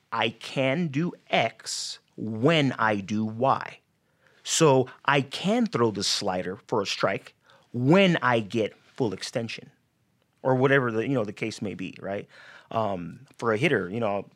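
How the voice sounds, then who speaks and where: A man on a podcast explaining mental reframing for athletes, talking casually and acting out players' inner voices. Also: mid-range voice. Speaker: sports psychology guest.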